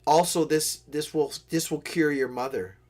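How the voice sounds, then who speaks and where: A man voicing a female witch who coaxes a boy in a soft, persuasive way. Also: on the high side, fairly even intonation, moderate pace, natural voice. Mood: coaxing. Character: tempting female witch, coaxing.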